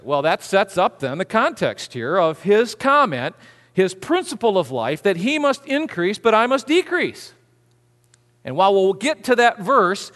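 A man preaching a sermon as a pastor, animated, acting out biblical figures with humor. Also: high voice, long reverb tail.

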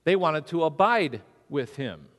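Pastor guy preaching, high lively voice, lots of back-and-forth questions, church reverb behind him. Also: unhurried. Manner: animated preaching with acted-out quotes and rhetorical questions. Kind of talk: sermon. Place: church sanctuary.

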